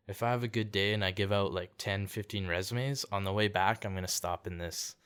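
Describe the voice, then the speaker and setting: A man's voice: lowish voice, steady tone, fairly quick, a bit bright, clear, resonant tone. A young man from Canada telling a story in casual podcast chat, laid-back, peppering his talk with "like" and "dude" and acting out quotes. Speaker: podcast guest, singer-songwriter.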